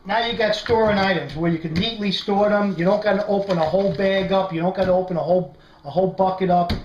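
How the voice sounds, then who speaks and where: A man's voice: high-pitched, quick pace, dull audio. Chatty New York man in echoey room. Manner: chatty, says "right?" constantly, animated storyteller. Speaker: prepping video host. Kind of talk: casual how-to vlog. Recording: echoey room, faint noise.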